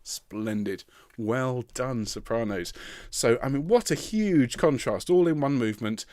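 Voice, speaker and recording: A man with a medium-pitched, darkish voice directs an online choir rehearsal at a measured pace with lively intonation, recorded dry with piano behind him. He chats encouragingly, counts in the singers, and demonstrates phrases by singing.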